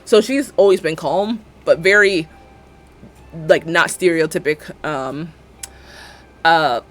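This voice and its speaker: A woman streamer chatting casually while building in a game, rambling, joking and laughing often. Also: deep voice.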